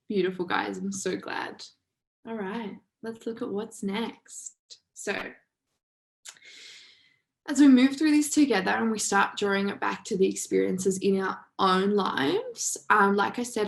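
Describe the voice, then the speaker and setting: A woman's voice: mid-range voice, creaky, poor audio. A woman hosting a live online session, telling stories in an emphatic, casual way with some swearing. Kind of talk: motivational storytelling talk.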